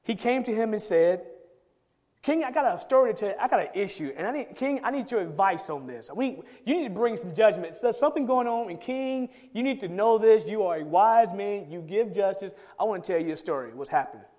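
A man's voice: high voice, lively intonation, fairly quick, dark tone. A man preaching a sermon. He reads scripture aloud and rises into emphatic pleading. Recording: long hall reverb.

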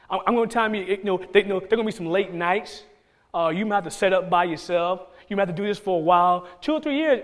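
A man pastor preaching a conversational sermon to his church, with many restarts and bursts of excitement. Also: high-pitched, long reverb tail. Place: church sanctuary.

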